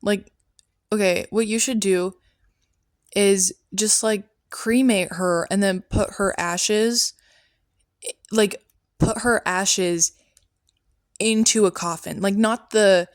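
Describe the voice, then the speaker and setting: A woman's voice: medium pitch, dry recording, studio quality. A woman hosting a comedy podcast in character as a prophet, talking in an offhand, rambling way with many tangents.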